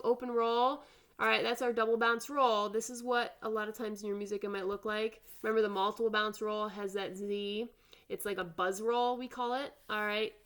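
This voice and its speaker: A woman's voice: fairly high pitch, a bit bright. A woman band teacher giving an online drum lesson, counting aloud and checking in with "all right?".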